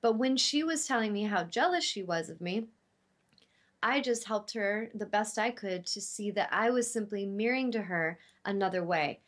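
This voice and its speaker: A woman's voice: medium pitch, moderate pace. A woman who works as an intuitive healer, talking earnestly and from the heart about love and forgiveness, with casual fillers. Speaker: intuitive healer and show host. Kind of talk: spiritual teaching talk.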